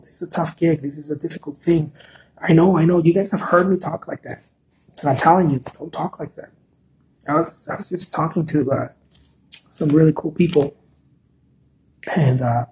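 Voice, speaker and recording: A man's voice: a little high, darkish tone, a little hiss or hum. Man, live-stream host, chatty and earnest, encouraging tone, repeats himself while reading viewer comments. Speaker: artist hosting a live stream. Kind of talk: casual live-stream talk.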